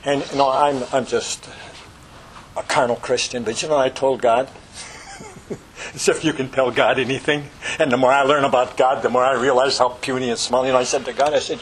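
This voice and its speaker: Earnest male preacher, mid pitch. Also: flat delivery, brisk, a bit bright, a little hiss or hum, poor audio. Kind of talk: sermon and prayer.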